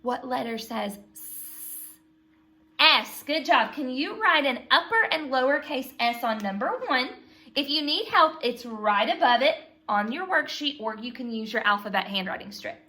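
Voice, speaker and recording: A woman teaching a phonics lesson to young children, patient and slow, prompting them to repeat sounds after her. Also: sits high, animated, pushed and bright.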